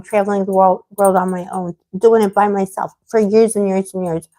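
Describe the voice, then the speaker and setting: A woman hosting a tarot live stream, talking in a loose, rambling way. She answers viewers by name and gets heated and outspoken as she vents. Her pitch sits in an ordinary middle range for a woman. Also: little pitch movement, brisk, hardly any pauses, dark tone. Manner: rambling, getting heated and venting. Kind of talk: casual livestream chat answering viewers.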